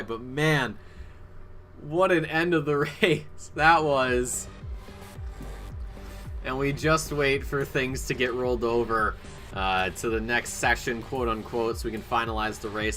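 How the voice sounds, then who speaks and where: A man commentating an online sim race live, quick to get excited. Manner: excitable, climbs high and loud during close racing. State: out of breath.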